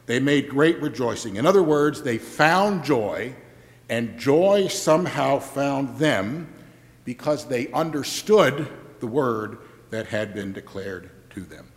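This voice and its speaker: A man preaching a sermon in a church, conversational and joking, often checking in with the congregation. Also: medium pitch. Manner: conversational, keeps asking the congregation "right?", joking asides. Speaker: pastor. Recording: long hall reverb.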